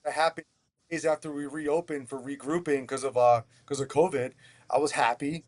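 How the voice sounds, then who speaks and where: A restaurant owner from Pennsylvania talks through his story as a podcast guest. His voice sits a little high for a man. He is animated and blunt, swears casually, and trips over and repeats his words as he goes. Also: moderate pace. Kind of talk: candid conversational storytelling.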